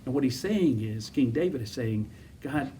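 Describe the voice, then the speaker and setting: Pastor guy preaching, mellow dark voice, kinda far from the mic, faint hiss. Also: medium pitch, lively intonation, moderate pace. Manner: emphatic, repetitive, rhetorical questions. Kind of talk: sermon.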